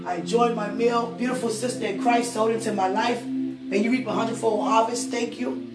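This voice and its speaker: A high-pitched woman shares a casual faith testimony, swinging between soft musing and loud, emphatic outbursts. Her voice rings in a roomy, echoing space, with music playing behind it. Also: fairly even intonation, moderate pace.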